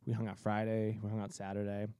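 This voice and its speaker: A man in his twenties from Cape Cod, telling a story in a profane, animated way that is full of laughs. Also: fairly low pitch, fast talker, clean tone, no room sound, studio quality. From Cape Cod, Massachusetts. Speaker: podcast co-host. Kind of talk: casual storytelling.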